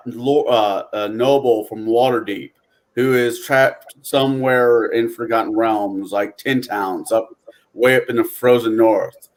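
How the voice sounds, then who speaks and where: A man chatting casually on a tabletop gaming podcast, talking in a rambling, reflective way. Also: mid-range voice. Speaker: podcast co-host.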